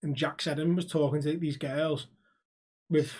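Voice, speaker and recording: Husky sweary man. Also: a little high, fairly even intonation, measured pace, a little mellow. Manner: sweary, laughing anecdote teller. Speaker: podcast co-host. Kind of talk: casual banter storytelling.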